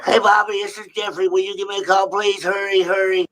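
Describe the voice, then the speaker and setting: A man putting on a squeaky, urgent caller. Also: little pitch movement, fairly quick, fairly bright tone. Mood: pleading. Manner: urgent, pleading. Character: pleading man leaving an urgent phone message.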